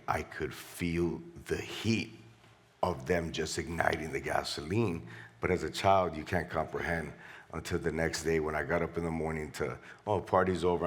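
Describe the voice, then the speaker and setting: A middle-aged man from Colombia, a guest on stage, animatedly retelling a story and quoting voices. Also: very deep voice. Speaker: interview guest. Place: live event stage.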